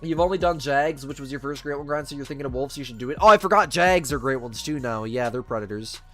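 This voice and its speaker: A man's voice: medium pitch, fast, bright, forceful tone, soft background music. A man hosting a live game stream, casually chatting with viewers and reading their messages in a chummy, laid-back way. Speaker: livestream host.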